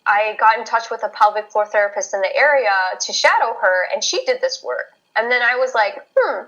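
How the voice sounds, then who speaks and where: A woman physical therapist, a podcast guest, telling a personal story in casual chat, lively and laughing as she acts out her own thoughts. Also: fairly high pitch, fairly quick, muffled recording.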